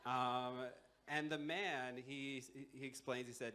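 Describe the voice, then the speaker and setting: A man's voice: mid-range voice, fairly even intonation, slow pace, sharp tone, smooth. Casual young man telling a folktale. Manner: casual, filler-heavy, wry asides. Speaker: storyteller. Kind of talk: live folktale storytelling. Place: live university culture show.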